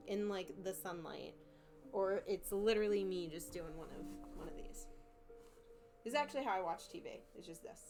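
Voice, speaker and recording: A young woman chatting casually on a live art stream at home, self-mocking and prone to repeating herself. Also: medium pitch. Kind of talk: casual live-stream chat while painting. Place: home living room. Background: soft music playing.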